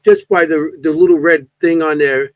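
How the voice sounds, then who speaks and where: A man chatting casually on a podcast, halting and rambling, often restarting his sentences. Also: fairly high pitch, fairly even intonation, no room sound. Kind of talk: casual chat.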